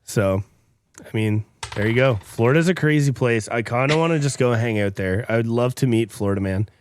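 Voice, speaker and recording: A man co-hosting a podcast, relaxed and joking in casual chat. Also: medium pitch, brisk, slight background noise. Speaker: podcast co-host.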